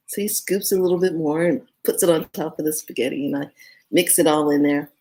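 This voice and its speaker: Low-voiced woman telling a story. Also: fairly quick. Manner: animated storytelling, acts out her own reactions; earnest advice on energy and manifestation. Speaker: spiritual vlogger. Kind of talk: casual storytelling monologue.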